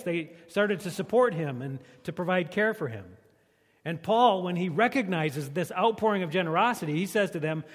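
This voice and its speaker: A pastor preaches in an easygoing, joking way, his voice on the higher side for a man. It rolls out into a big space, trailing a long reverb. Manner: joking, conversational. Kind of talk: sermon.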